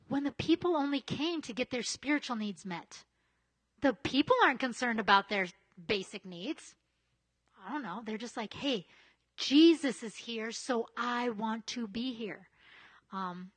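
A preacher delivers a casual, conversational sermon in a fairly high, slightly bright voice. She fills it with chatty asides and keeps checking in with her listeners by asking "right?"

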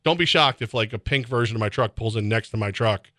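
A man hosting sports radio, talking animatedly with laughs and sudden shouts, reading ads in a studio. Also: lowish voice, fast, no echo. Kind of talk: casual sports radio banter with live ad reads. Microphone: close studio mic.

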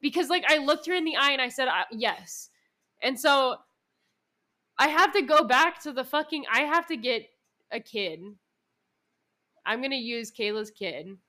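Bright-voiced young woman telling stories. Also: high-pitched, animated, unhurried, long pauses. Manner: rambling storytelling, swears, laughs often. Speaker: podcast co-host. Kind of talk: casual chat with her sister.

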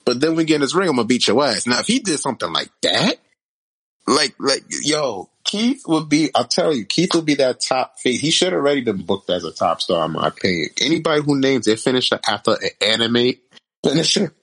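A man talking casually about wrestling with friends, animated and full of slang, sometimes dropping low for emphasis. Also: slightly rough, rough recording. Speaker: wrestling podcast co-host. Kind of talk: casual chat.

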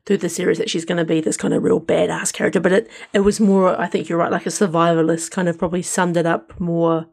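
A man's voice: high-pitched, level tone, fast talker, gravelly, few pauses, darkish tone. A man co-hosting a casual podcast about shows, easygoing and hedging, with lots of "like" and "kind of". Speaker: podcast co-host. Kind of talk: casual entertainment review chat.

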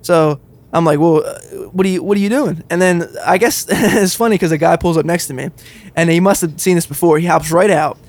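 A man co-hosting a podcast, telling a story in casual chat, animated and swearing freely as he laughs along. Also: fairly high pitch, fairly quick. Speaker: podcast co-host.

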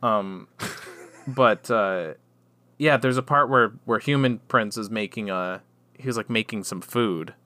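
A man's voice: fairly low pitch, measured pace, pushed and bright, dry recording. A man co-hosting a podcast, rambling through a casual chat with many fillers and restarts. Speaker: podcast co-host.

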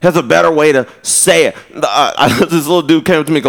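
Male pastor, sermon delivery, a bit high-voiced, loose and chatty with storytelling asides. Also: animated. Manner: conversational storytelling with quick asides and laughs. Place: church.

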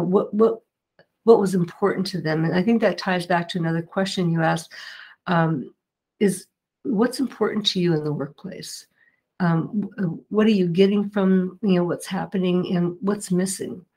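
A middle-aged woman speaks as an interview guest, explaining her work in an earnest, patient way. Her voice sits on the lower side. She pauses often with fillers and starts over mid-sentence. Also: steady tone, mellow. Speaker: mediator and guest. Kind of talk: interview answers.

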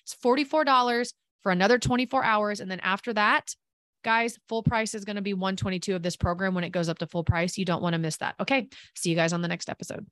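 A woman's voice: medium pitch, fairly even intonation, fast, a bit bright, dry recording, studio quality. A woman hosting a podcast, giving a fervent, preachy motivational monologue with tough love and talk of faith. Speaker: podcast host and business coach.

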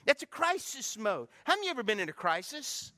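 A man's voice: very high-pitched, very animated, a little fast, bright, forceful tone. A man preaching a sermon as pastor, calling out questions to the congregation. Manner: preaching with call-and-response to congregation. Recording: long hall reverb from a church.

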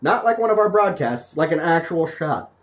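A man's voice: fairly high pitch, animated, moderate pace. A man co-hosting a podcast, bantering sarcastically with crude jokes and mock voices. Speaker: podcast co-host.

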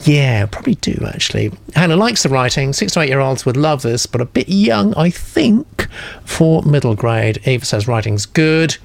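A man with a gravelly, creaky voice hosts a relaxed critique session, reading out viewers' comments. He hesitates often with ums and uhs. The sound is dry and close to the mic. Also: mid-range voice, moderate pace, no room sound. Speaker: host of a manuscript critique show. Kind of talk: casual chat, reading out comments.

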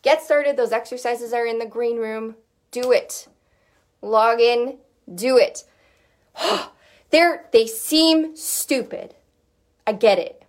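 A woman's voice: on the high side, slow pace, pauses often. Chatty woman vocal coach. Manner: chatty, lots of fillers, sings short demo notes. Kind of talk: casual teaching chat.

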